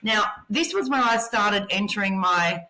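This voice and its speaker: A woman podcast guest telling candid personal stories, blunt and animated, swearing freely. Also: mid-range voice, unhurried, low-quality recording.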